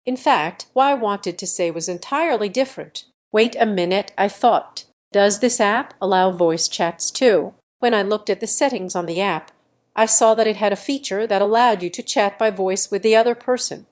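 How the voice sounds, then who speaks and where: A woman narrating a first-person romance audiobook in a gentle, earnest storytelling manner. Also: mid-range voice.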